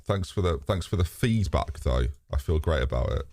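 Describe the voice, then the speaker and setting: Speaking at a moderate pace, a British streamer uses an expressive, creaky bass voice with a darkish tone as he chats candidly and rambles to his audience. He swears freely and laughs often, and the studio-quality audio has no room sound.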